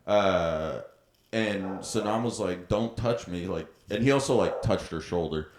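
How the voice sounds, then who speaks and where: A man's voice: deep voice, unhurried, roomy sound. A young man co-hosting a podcast, animatedly telling a story and laughing often. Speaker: podcast co-host. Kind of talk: casual storytelling chat.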